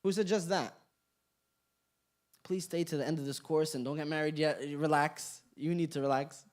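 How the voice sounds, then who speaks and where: Animated young male class instructor. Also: on the high side, normal speed. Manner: animated, joking, questions the room. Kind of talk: interactive class talk. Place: community center classroom.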